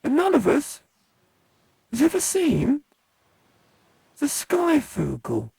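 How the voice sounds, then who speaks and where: Raspy, gravelly animatronic narrator for a performer; very dry, up-close sound. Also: high voice, wildly swooping pitch, darkish tone, dry recording, exaggerated voice. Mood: dramatic. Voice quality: very raspy and creaky. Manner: slow, dramatic tale-telling. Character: raspy animatronic spinning a spooky tale. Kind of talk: fan voice acting of a poem.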